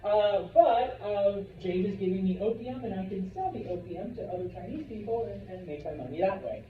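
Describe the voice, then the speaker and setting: A man's voice: high-pitched, expressive, moderate pace, background noise. A man teaching history in a casual, jokey way, acting out people's voices while he lectures to a classroom. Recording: roomy, distant, dull classroom recording.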